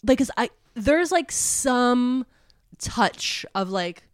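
A woman's voice: fairly high pitch, animated, slow pace, no echo, clean studio sound. A woman co-hosting a podcast, telling a true-crime story in a chatty, casual way with many fillers and laughs. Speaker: podcast co-host.

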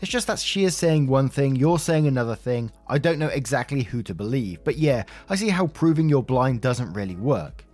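A man's voice: medium pitch, expressive, normal speed, few pauses, a little mellow, no echo, lightly acted. A man voicing a hesitant, harassed male security guard. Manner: hesitant, weary.

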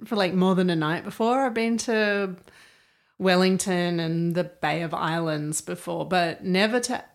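A woman's voice: fairly low pitch, measured pace. A woman co-hosting a podcast, chatting in a giggly, rambling storytelling manner. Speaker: podcast co-host. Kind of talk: casual chat.

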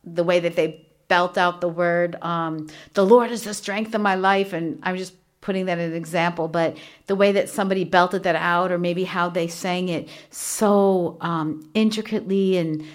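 A woman hosting a solo devotional podcast from a small home studio, talking earnestly and chattily with many fillers. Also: on the low side. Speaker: podcast host. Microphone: studio microphone with earphones.

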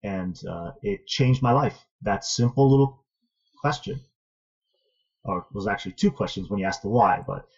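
Husky low-voiced man telling a story. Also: big pitch swings. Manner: earnest, thoughtful, measured. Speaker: interview guest, martial arts student. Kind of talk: reflective personal storytelling. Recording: dull lo-fi audio.

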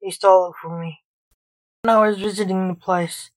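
A woman's voice: medium pitch, fairly even intonation, moderate pace, dry recording, lightly acted, rough recording. A woman voicing a proud, grieving man, a coroner and magician, speaking earnestly and defensively as she reads the story. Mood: pained.

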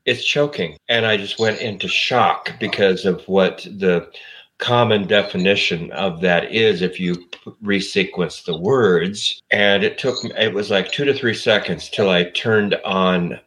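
Co-host, fifties, very deep voice, rambling teller. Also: male voice, measured pace, fairly bright tone, rough recording. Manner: rambling storyteller, self-interrupting. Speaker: show producer and co-host. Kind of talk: casual comedy podcast chat.

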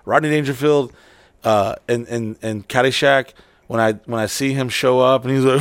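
A man's voice: mid-range voice, normal speed, no room sound. Crude, rambling man with a dry sound. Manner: crude, rambling, profane storytelling. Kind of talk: casual chat.

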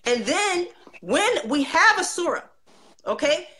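A woman's voice: very high voice, very animated, unhurried, pushed and bright, a little hiss or hum. A woman speaking passionately and emphatically in a religious discussion, with pointed rhetorical questions.

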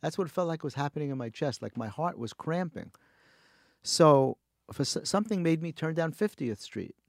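A man telling a story in casual chat, wry and animated, acting out the people he met. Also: a little high, moderate pace, gravelly, no room sound, clean studio sound.

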